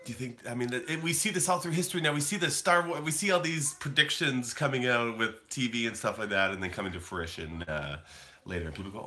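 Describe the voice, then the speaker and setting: A man's voice: medium pitch, fast talker, pushed and bright. A man in his thirties from Canada, rambling casually to his livestream viewers and answering the chat. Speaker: livestream host.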